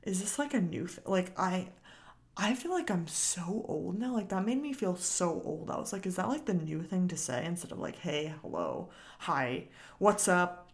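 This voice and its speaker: A young woman with a slightly low voice hosts her own podcast solo. She talks in a loose, chatty way, full of fillers, with the odd casual swear word thrown in. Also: expressive, normal speed. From Massachusetts. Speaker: podcast host.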